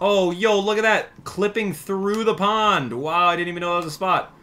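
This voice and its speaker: A man's voice: sits high, big pitch swings, pushed and bright. A young man streaming a video game, teasing his chat and commenting casually as he plays. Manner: joking, teasing chat, quick mood swings. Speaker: gaming streamer.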